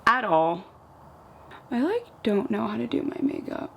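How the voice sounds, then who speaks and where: A woman's voice: fairly high pitch, measured pace, creaky, long pauses, noisy background. Chatty young woman vlogging at home. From US East Coast. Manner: chatty, peppered with "like", animated retellings. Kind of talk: casual get-ready-with-me chat.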